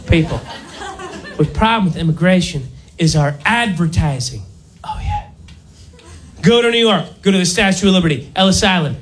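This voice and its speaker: A man doing a stand-up routine, ranting loudly and jumping between low mutters and high shouts. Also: a little hiss or hum. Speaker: stand-up comedian.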